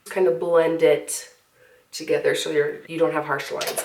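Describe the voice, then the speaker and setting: A young beauty vlogger chats casually through a makeup tutorial, relaxed and filler-heavy, sniffling from a cold. Her low voice is a little slow, recorded slightly off-mic and from a distance in an echoey room with background noise.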